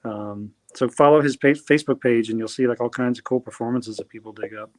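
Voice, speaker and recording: A man's voice: mid-range voice, brisk, no room sound. Rambling, hesitant male singer-songwriter. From New Jersey. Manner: rambling and hesitant, many fillers and restarts. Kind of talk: casual interview chat.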